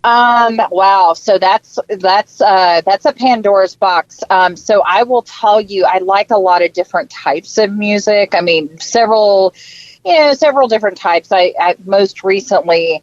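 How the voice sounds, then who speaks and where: A woman's voice: mid-range voice, a little slow, no room sound, lo-fi sound. A woman from Florida, an author, chatting casually and enthusiastically with many "um"s as a podcast guest. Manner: enthusiastic, hesitant fillers. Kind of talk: casual interview chat.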